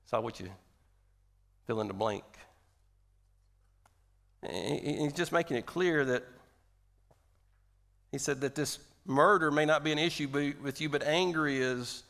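A male pastor giving a sermon in a conversational, animated way, asking the audience rhetorical questions. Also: a little high, measured pace, creaky, long pauses.

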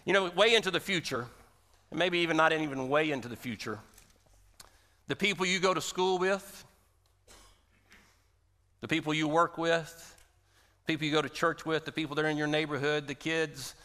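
A man's voice: a little high, moderate pace, long pauses, sharp tone. A man preaching a sermon as pastor, with an emphatic delivery that leans hard on repeated phrases. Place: church sanctuary. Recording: long hall reverb.

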